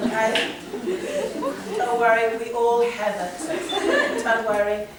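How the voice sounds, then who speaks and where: A woman presenting a seminar to teachers, animated and joking. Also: a little high, heavy background noise. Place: large hall. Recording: echoey hall from far off. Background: audience.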